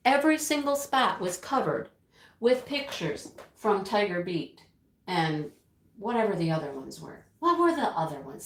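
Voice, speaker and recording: A woman in her sixties hosts a live stream, reminiscing out loud and answering her viewers by name. She talks at an unhurried, easy pace, laughs often and hums bits of old songs. Her voice rings a little in an echoey room. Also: on the high side. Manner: chatty, nostalgic, laughs often, sings snippets. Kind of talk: casual chat reading viewer comments.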